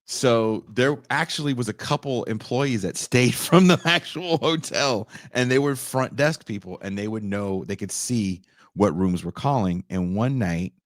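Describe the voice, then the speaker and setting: A man on a podcast telling a story casually, animated and profane, often leaping up in pitch for emphasis. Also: a little slow, dry recording, clean studio sound. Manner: animated, profane, jumps into high voices for emphasis.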